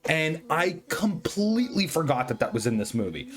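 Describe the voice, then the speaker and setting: A tipsy man rambling excitedly through a profane movie review, full of fillers and swearing. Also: on the high side, normal speed, faint music behind. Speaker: host.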